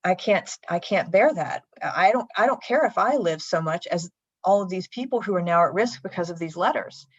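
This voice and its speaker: A woman playing an earnest ancient queen pleads in a low, steady voice. The sound is dry and dull. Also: moderate pace, breathy edge, no room sound. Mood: urgent. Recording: dull lo-fi livestream.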